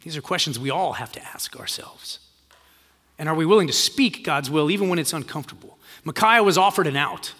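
Man preaching, high bright voice, storytelling sermon, long hall reverb. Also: expressive, a little fast. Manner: storytelling, acts out quoted lines in a casual voice.

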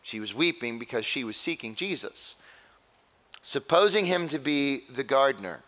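A male pastor preaching a sermon in a conversational way, with dramatic pauses. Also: medium pitch, lively intonation, pushed and bright, long reverb tail.

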